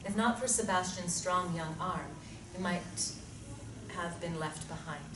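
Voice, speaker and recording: Woman narrating in a low voice. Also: a little slow. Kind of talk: scripted narration of a screenplay. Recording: echoey room from far off, noisy.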